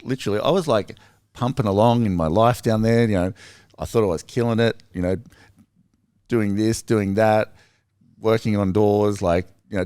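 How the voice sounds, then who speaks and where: A man with an Australian accent, telling stories in a casual podcast chat, rambling and animated with lots of fillers. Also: on the low side, dry recording, studio quality.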